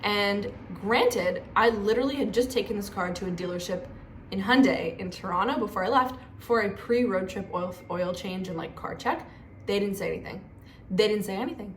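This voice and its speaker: A young woman vlogger telling stories in a chatty, animated way, full of fillers. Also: medium pitch, fairly quick. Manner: chatty, animated, lots of 'like'. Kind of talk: casual storytelling vlog. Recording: echoey room with faint noise.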